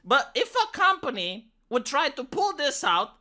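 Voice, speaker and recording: A man's voice: very high voice, sing-song, unhurried, sharp tone. A man from Romania, who rants sarcastically in a casual vlog. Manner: sarcastic, ranting. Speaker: vlogger. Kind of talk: casual opinion rant.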